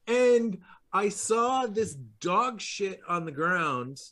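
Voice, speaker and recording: A middle-aged man from Long Island tells stories in a loose, rambling way, full of "um" and "like" and restarts. His voice sits a touch on the high side. He talks like he's chatting across a table. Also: expressive, drawn-out words, fairly bright tone. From New York, Long Island. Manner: rambling anecdotes with many fillers and restarts, laughing through punchlines. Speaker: podcast host. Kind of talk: casual conversation.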